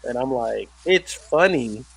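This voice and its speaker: A man co-hosting a podcast in casual chat, telling stories with an animated delivery and mimicking voices. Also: medium pitch, slow, creaky, breathy edge, low-quality recording. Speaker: podcast co-host.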